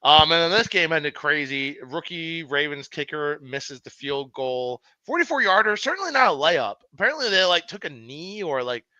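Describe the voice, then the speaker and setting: Man, sports podcast co-host, very bright voice, dry slightly dull recording. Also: a little high, no echo. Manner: excitable, swears freely, quick asides. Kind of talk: casual sports chat.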